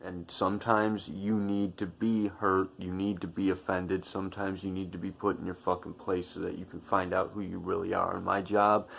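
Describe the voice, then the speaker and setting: Man, deep voice, angry profane commentary rant, lecturing viewers. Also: vocal fry. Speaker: channel commentator. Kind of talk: heated opinion monologue.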